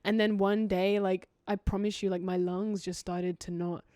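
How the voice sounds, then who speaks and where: A woman's voice: mid-range voice, flat delivery, warm tone, dry recording. Chatty British woman, dry sound. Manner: chatty, self-deprecating, with quick restarts. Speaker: guest singer. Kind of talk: casual chat.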